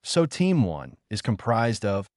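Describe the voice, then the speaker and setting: A man's voice: fairly low pitch, huge pitch swings, unhurried, no echo, clean studio sound. A man voicing a stern adult male ninja teacher announcing teams in a storybook reading. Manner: announcing, brusque.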